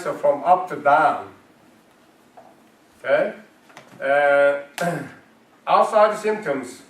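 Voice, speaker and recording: Recorded roomily from a far-off mic, a man whose voice is a little high instructs a health class as a martial arts grandmaster. He speaks emphatic, non-native English, supplying answers to his own questions.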